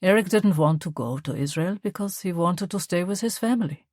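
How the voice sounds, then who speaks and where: A woman's voice: lowish voice, a little fast, darkish tone, no room sound, clean studio sound, lightly acted. A woman voicing a grateful woman who talks earnestly and tenderly about her family.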